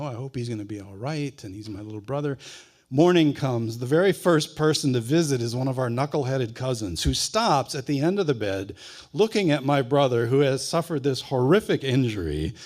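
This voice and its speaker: A man from rural Wisconsin, telling a funny family story on a festival stage in a folksy, unhurried way that drops to a hush in tender moments. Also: mid-range voice. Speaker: humorist author and speaker. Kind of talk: humorous live storytelling. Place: stage at a book festival kickoff.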